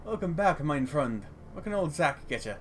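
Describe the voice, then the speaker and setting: A man's voice: fairly high pitch, big pitch swings, moderate pace, a little hiss or hum. A man doing a sly grinning dealer. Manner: slick salesman patter. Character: sly grinning male drug dealer, menacing.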